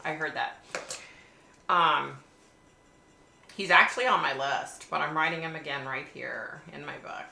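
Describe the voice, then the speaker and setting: Lady chatting live with viewers, bright gravelly voice, faint hiss. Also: low-pitched, unhurried, long pauses. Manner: chatty, reads viewer comments aloud and answers them. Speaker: livestream host chatting with viewers. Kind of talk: casual live chat. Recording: echoey room with faint hiss.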